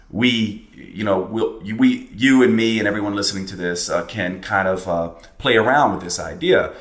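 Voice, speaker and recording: A podcast host with a low-pitched, slightly bright voice tells a personal story, recorded with a roomy sound. His manner is casual and reflective, full of fillers and restarts.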